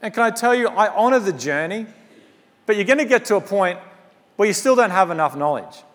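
A pastor preaching a sermon in an animated, conversational way with humorous asides. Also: male voice, sits high, a little fast. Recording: long hall reverb.

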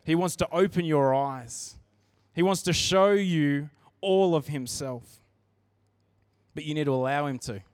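Guy preaching at church, kinda high voice, dry close sound, chatty and earnest, restarts a lot. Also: measured pace, darkish tone, no echo. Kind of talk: sermon.

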